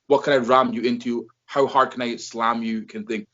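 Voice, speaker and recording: This wrestling podcast host has a mid-range voice and a brisk delivery. He rambles through a casual chat, animated and swearing, on a dull lo-fi recording.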